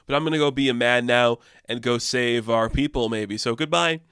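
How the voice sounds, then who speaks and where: Man reading as a calm departing robot, low-key delivery, dry close sound. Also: normal speed, clean tone, no echo, natural voice. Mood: resigned. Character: male robot adventurer, calm and resigned.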